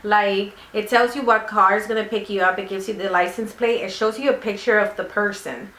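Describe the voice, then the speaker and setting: A woman vlogger telling a rambling story, with plenty of fillers along the way. Her voice sits at a middling pitch. The recording has a roomy echo. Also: steady tone, a little fast, a bit bright. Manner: chatty, rambling, many fillers. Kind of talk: casual storytime.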